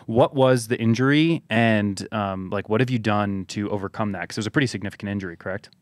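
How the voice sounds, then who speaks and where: A podcast host with a lowish voice talks quickly and casually, chatting and laughing along with his guest. His voice sounds close and dry. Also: no room sound. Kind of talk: casual interview.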